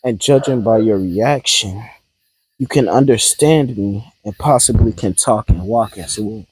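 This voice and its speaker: A man voicing a serious infant boy ninja prodigy, speaking calmly and probingly in a slow, husky voice. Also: on the low side, dry recording, poor audio.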